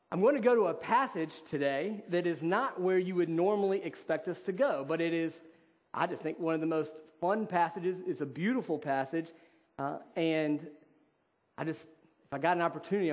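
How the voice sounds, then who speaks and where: Male pastor, somewhat high voice, earnest conversational sermon, slow deliberate scripture reading. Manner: earnest, conversational preaching with fillers.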